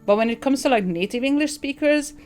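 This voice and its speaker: A woman's voice: sits high, lively intonation, brisk, darkish tone, faint music behind. Rambling, thoughtful woman streamer. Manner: thoughtful, rambling with many fillers and restarts. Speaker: game streamer. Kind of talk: casual game review chat.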